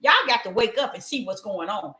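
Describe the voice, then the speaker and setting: A woman's voice: mid-range voice, animated, brisk, pushed and bright, echoey room. A woman preaching a sermon with passion, repeating phrases and calling her listeners y'all. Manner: impassioned, repetitive, addresses listeners as y'all.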